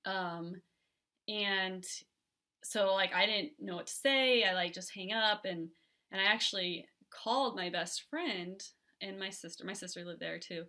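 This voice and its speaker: A woman with a bright, forceful, mid-range voice tells a painful personal story as a podcast guest. She's candid but halting, full of fillers and restarts.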